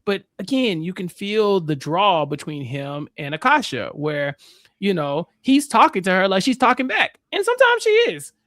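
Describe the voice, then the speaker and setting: A man's voice: sits high, wildly swooping pitch, normal speed, a bit bright, no echo, studio quality. A man co-hosting a podcast, chatting casually and thoughtfully about a TV episode, with many fillers. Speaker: podcast co-host. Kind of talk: casual recap chat.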